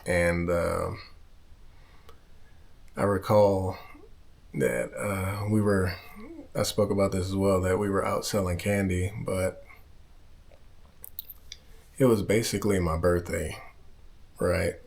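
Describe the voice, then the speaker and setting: A man's voice: low-pitched, fairly even intonation, slow, vocal fry, pauses often, darkish tone. A man from Southern California telling a personal story in a casual vlog, rambling, swearing and backtracking as he goes. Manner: rambling, profane, backtracks often. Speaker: vlogger.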